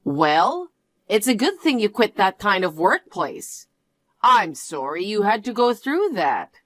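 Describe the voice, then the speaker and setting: A woman voicing a caring middle-aged mother who apologizes for her son, speaking softly and gently. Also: medium pitch, sing-song, takes it slowly, no room sound, clean studio sound.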